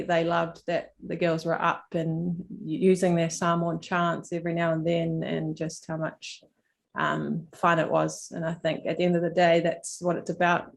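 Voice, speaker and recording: A woman cricket player talking casually on a video call panel, relaxed, with frequent fillers and restarts. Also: on the low side, vocal fry.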